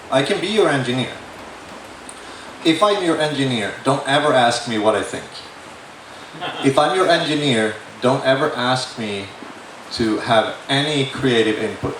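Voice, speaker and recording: A man's voice: mid-range voice, normal speed, fairly bright tone. A middle-aged male record producer speaking frankly and bluntly with dry humor in a panel discussion. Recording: echoey room, distant mic, faint noise.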